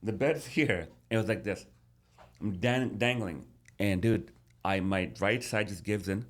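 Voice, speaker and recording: A man in his thirties, a podcast guest, telling a personal story in a casual, animated way with many restarts. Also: on the low side, unhurried.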